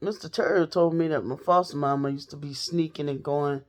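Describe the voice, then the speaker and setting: A woman's voice: deep voice, steady tone, fairly quick, a little mellow. A woman telling a personal story straight to her viewers in a casual, blunt, profane way. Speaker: storytelling vlogger.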